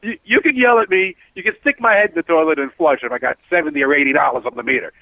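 A man's voice: a little high, very fast, no room sound. A man, a cab driver who is a regular on a talk show, telling a rambling story and acting out the voices in it. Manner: rambling, animated storyteller, acts out quoted voices. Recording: tinny phone-like line.

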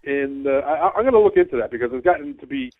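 A man calling in to a talk show, a taxi driver telling a long story in an animated, rambling way with many stammered repeats. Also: medium pitch, fast, no room sound. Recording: tinny phone line.

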